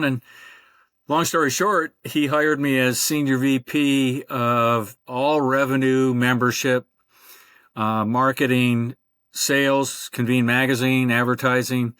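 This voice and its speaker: An older man, a podcast guest, telling his career story in a relaxed, rambling way with many fillers, over a remote call. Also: medium pitch, slow, clean tone, no room sound. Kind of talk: conversational interview.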